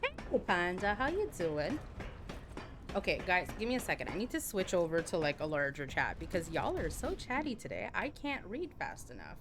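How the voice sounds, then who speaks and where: A woman's voice: on the low side, background noise. Chatty woman streaming a game. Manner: chatty, expressive, quick to laugh and exclaim. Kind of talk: live game stream chat, reading chat aloud. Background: game music.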